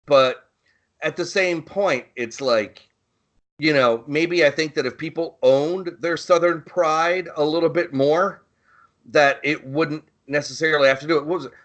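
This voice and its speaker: A man's voice: a little high, unhurried, fairly bright tone. A man co-hosting a podcast in casual chat, rambling and profane, often searching for his words. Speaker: podcast co-host.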